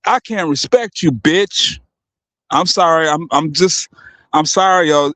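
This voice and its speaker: A man's voice: a little high, measured pace, bright, forceful tone, dry recording. A man hosting a livestream, ranting in a heated, profane way and breaking off often to apologize to his viewers. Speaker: livestream host. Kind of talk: unscripted livestream rant.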